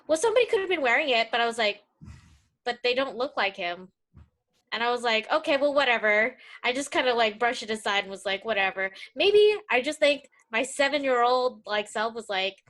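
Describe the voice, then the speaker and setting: Woman podcaster telling a childhood story, kinda high voice, lots of likes and ums. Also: expressive, moderate pace, a bit bright. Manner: chatty, many fillers. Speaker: podcast co-host. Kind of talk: casual chat, storytelling.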